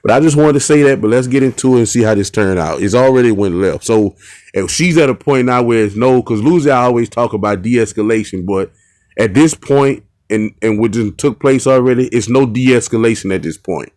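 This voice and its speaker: A man's voice: medium pitch, fairly quick, a little mellow, no room sound, clean studio sound. A male host giving casual commentary on bodycam footage, earnest and repetitive, often restarting his sentences.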